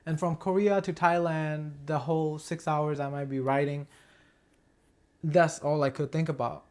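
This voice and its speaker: A man, an acting student, sharing a personal memory in class, halting and hesitant with many restarts. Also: fairly high pitch, level tone.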